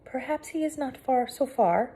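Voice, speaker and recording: A woman voicing an excitable young boy who talks in formal, exclamatory phrases. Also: high voice, normal speed, voice pushed up. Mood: earnest.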